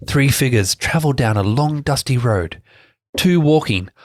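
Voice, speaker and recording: A man's voice: mid-range voice, lively intonation, a little slow, darkish tone, no room sound, clean studio sound. A man on a tabletop game podcast, reading his own adventure story aloud in a playful storyteller manner.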